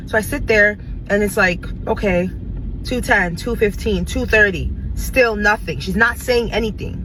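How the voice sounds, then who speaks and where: A woman's voice: mid-range voice, a little fast, noisy background. Woman recounting a salon visit from her car. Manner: detailed, step-by-step recounting. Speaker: storyteller. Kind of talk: casual storytime.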